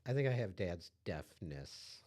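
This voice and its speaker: A man's voice: low-pitched, very animated, unhurried, a little mellow, husky. A man in casual podcast chat, joking and teasing the others.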